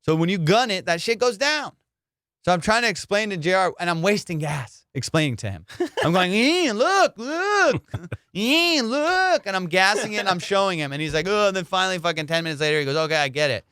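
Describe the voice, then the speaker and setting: Male comic host, excitable profane storyteller, smooth higher voice, dry close sound. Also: fast talker, dry recording. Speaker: comedian podcast host. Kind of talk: animated storytelling.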